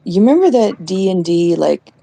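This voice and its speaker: A woman's voice: on the low side, big pitch swings, normal speed, gravelly, mellow. A woman co-hosting a casual chat show, rambling and joking, often dropping to a near whisper. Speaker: co-host.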